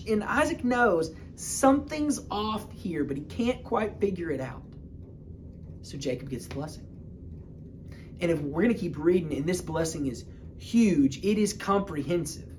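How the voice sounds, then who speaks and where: A man preaching a sermon, retelling a Bible story in a casual, humorous way with quick bursts of speech. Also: high voice, expressive, darkish tone, a little hiss or hum.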